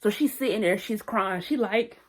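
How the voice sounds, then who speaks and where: A young woman tells a wild night-out story to her viewers in a loose, slangy way. She is animated and repeats phrases for emphasis. Her pitch sits in an ordinary middle range. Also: moderate pace, husky. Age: young adult. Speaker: vlogger. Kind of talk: casual storytime.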